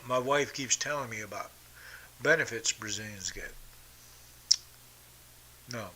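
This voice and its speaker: Middle-aged guy ranting on his podcast, swears a lot, super sharp tense voice. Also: medium pitch, a little hiss or hum. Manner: blunt, profane, combative. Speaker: podcast host. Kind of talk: casual storytelling monologue.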